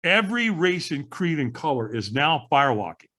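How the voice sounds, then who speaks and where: A man telling his life story as a podcast guest, animated and acting out the voices of the people in it. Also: a little high, moderate pace. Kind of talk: storytelling in casual interview.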